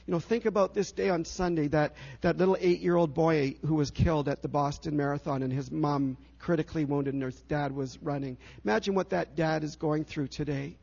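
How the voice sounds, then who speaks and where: A slightly high-pitched man preaches a sermon in a gravelly, husky voice. He is earnest and emphatic, leaning into slow, stressed phrases. The recording sounds dull and lo-fi. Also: steady tone, darkish tone. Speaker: pastor.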